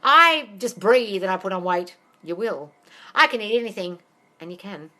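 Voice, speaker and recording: A woman's voice: medium pitch, lively intonation, normal speed, bright, forceful tone. A woman answering questions on a live stream as a manifestation coach. She is blunt and swears freely, and she calls her listeners darling. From not American.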